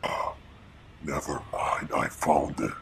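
A man playing a creepy clown caller, speaking in a deep, gravelly, menacing whisper. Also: steady tone, a bit bright, slight background noise, heavily acted. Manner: slow, drawn-out menacing phone lines.

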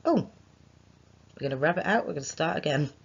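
A woman's voice: sits low, lively intonation, brisk, creaky, husky, highs cut off. A woman, a primary school teacher giving a recorded phonics lesson to young children, sounding out letters and chanting rhymes for writing them.

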